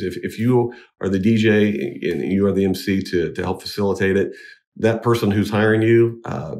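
A man, a wedding DJ, talking in a casual interview, halting with many restarts but earnest. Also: low voice, a little mellow. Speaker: wedding DJ and MC, guest.

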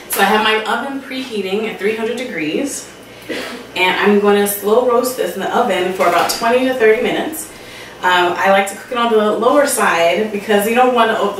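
A woman hosts her own cooking show in a roomy kitchen and talks straight to the viewers in a chatty, friendly way. She is recorded from some distance away, so her voice sounds echoey. Quiet clinks of dishes and cutlery can be heard in the background. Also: medium pitch, slight background noise. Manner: chatty, addresses viewers directly. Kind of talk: casual cooking demonstration. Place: home kitchen.

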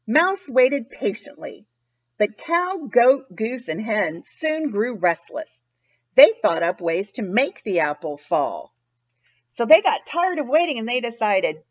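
A woman reading a children's picture book aloud, expressive and pausing to ask young listeners questions. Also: fairly high pitch, highs cut off. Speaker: children's story reader. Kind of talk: storytime read-aloud.

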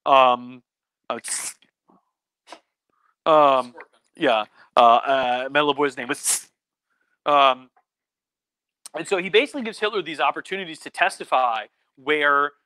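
Tipsy, rambling professor man, bright voice. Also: fairly high pitch, dry recording. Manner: rambling, lots of fillers, mock voices for quotes. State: drinking, tipsy. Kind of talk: casual tipsy lecture livestream.

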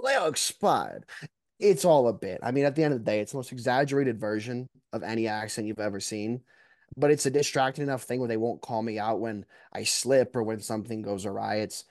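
A young man chatting casually as a podcast guest, relaxed and self-deprecating. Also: fairly low pitch, fast, no echo, clean studio sound. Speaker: guest, mock trial competitor.

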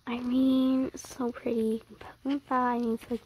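A woman chatting casually while unboxing a haul, gasping and squealing with fan excitement and sometimes dropping to a whisper. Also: high voice, takes it slowly, slight background noise, poor audio. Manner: gasps and squeals often, gushing fan excitement; drops to a whisper at times.

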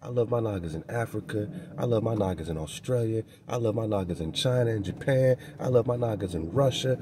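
A man's voice: lowish voice, fairly quick, hardly any pauses, mellow, a little hiss or hum. A man hosting a radio show, giving a preaching-style spiritual monologue in loose street slang, emphatic and repetitive, often ending phrases with "man". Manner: loose street slang, chuckles between points.

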